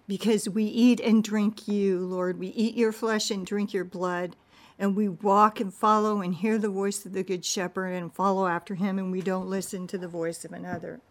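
A woman's voice: mid-range voice, level tone, moderate pace. A woman preacher who prays with earnest, fervent repetition and then reads scripture aloud with dramatic emphasis. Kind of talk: prayerful sermon and scripture reading.

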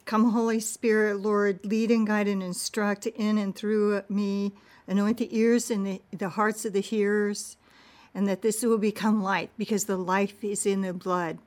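A woman's voice: medium pitch, level tone, unhurried, darkish tone. A woman preacher who prays with earnest, fervent repetition and then reads scripture aloud with dramatic emphasis. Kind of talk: prayerful sermon and scripture reading.

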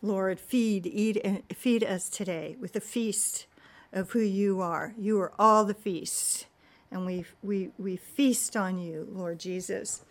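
A woman with a mid-range voice speaks slowly and steadily as a preacher. She prays with earnest, fervent repetition, then reads scripture aloud with dramatic emphasis in this prayerful sermon.

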